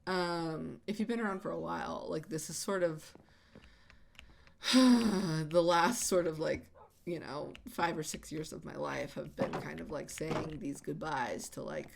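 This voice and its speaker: A woman host chatting casually while she plays, halting with many fillers and restarts, often sighing. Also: deep voice, vocal fry. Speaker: channel host. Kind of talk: casual chat while gaming. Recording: audible background noise.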